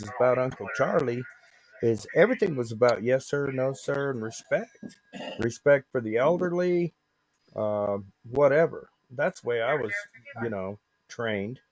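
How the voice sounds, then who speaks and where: A man telling a story on a casual livestream panel in a folksy, earnest way. His voice sits at a middle pitch and sounds dry and close to the mic. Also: a little mellow, dry recording. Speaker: panel guest.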